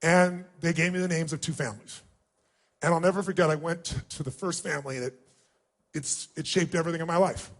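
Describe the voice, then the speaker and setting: A man gives a motivational speech, telling a personal story fairly quickly with emphatic, emotional delivery. His tone is steady, yet his storytelling carries big pitch swings.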